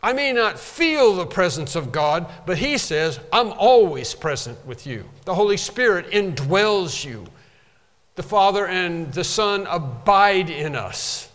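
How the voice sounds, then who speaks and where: A man's voice: high voice, big pitch swings, unhurried, fairly bright tone, in a large hall. A man preaching a sermon, emphatic and repeating phrases to drive them home.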